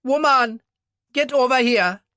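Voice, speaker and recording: A man's voice: sits high, huge pitch swings, measured pace, fairly bright tone, no room sound, studio quality, voice pushed up, full character voice. A man reading an audiobook, voicing a wary, bossy island barman who calls across the room to his wife. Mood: wary, boisterous.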